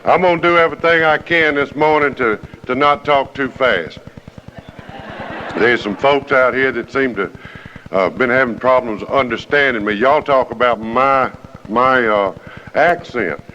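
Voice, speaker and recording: A man's voice: mid-range voice, sharp tone. Folksy Alabama man at a podium. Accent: Alabama Southern US. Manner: folksy, unhurried, repeats words as he talks. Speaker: invited speaker at a recovery meeting. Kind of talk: personal story shared at a meeting. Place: large meeting hall with an audience. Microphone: podium microphone. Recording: dull lo-fi recording.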